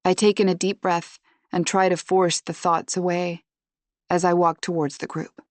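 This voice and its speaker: A woman narrating a suspense audiobook in the first person, measured and tense. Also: on the low side, level tone, no echo.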